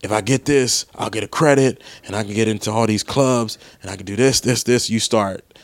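A man's voice: fairly low pitch, brisk, dry recording. A young man, an actor, telling a rambling story in a casual monologue, voice jumping up when he retells arguments.

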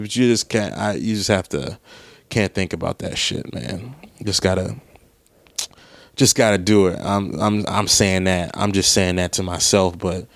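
A man's voice: lowish voice, clean tone, no echo. A young man, an actor, telling a rambling story in a casual monologue, voice jumping up when he retells arguments.

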